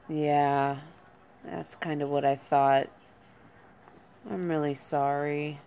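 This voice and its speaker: A woman with a notably low voice hosts a casual live stream. She greets chat viewers by name in an unhurried, conversational way. Her tone stays gentle and consoling. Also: level tone, a little hiss or hum.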